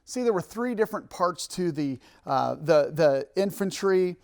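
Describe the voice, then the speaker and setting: A man's voice: high-pitched, expressive, a little slow, creaky, darkish tone. A man pastor giving a sermon, reading scripture emphatically and adding joking asides. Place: church, filmed for a livestream.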